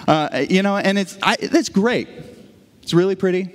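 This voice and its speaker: A man's voice: on the high side, moderate pace, in a large hall. A man preaching a sermon as pastor in a church auditorium, telling stories with frequent restarts. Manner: animated storytelling with frequent restarts.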